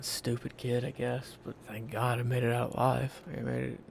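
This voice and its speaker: A man's voice: medium pitch, completely flat delivery, moderate pace, creaky, hardly any pauses, a little hiss or hum. A young man from Virginia casually telling his life story in a blunt, profane, candid way, acting out what people said to him. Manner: blunt, profane, candid, acts out quoted lines.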